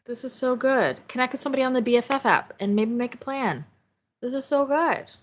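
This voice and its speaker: A woman's high voice, a little fast, carries her spirituality livestream from a home office. She chats casually and reads viewer comments, bubbly and exclamatory, often laughing and casually swearing.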